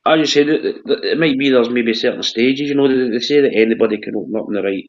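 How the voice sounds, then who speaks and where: A man's voice: mid-range voice, fast talker. A Scottish man hosting a casual chat, talking hesitantly and often repeating his words. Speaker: host. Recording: dull lo-fi sound.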